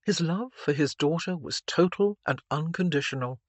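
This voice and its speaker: A man narrating an audiobook in a measured, even reading style. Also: a little high, no echo. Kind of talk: scripted narration.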